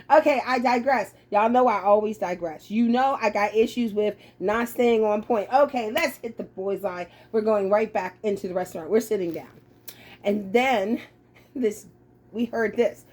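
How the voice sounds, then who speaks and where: A woman telling a funny personal story casually, animated and often breaking into laughter. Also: a little high.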